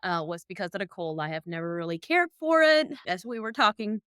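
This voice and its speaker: A woman whose first language was Pennsylvania Dutch talks about herself in a relaxed interview, with a light Amish accent. Her voice is smooth and clear, sitting slightly low, recorded close and dry with no room sound. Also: a little fast, no room sound. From Michigan, USA. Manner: easygoing, laughs often. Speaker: podcast guest. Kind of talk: conversational interview.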